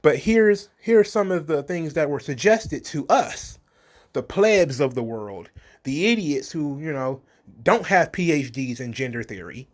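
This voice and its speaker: A man's voice: a little high, lively intonation, measured pace. A man hosting an opinion commentary, talking with sarcasm and scorn, slipping into a mocking sing-song when he quotes others. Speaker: commentary host.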